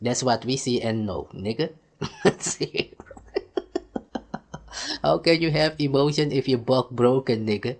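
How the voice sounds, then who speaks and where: A man's voice: medium pitch, unhurried, long pauses. A man giving ranting video commentary on a clip, mocking and scornful, laughing between his jabs.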